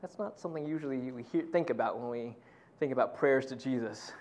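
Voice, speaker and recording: A male pastor giving a sermon, telling stories in a conversational, animated way. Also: mid-range voice, a little fast.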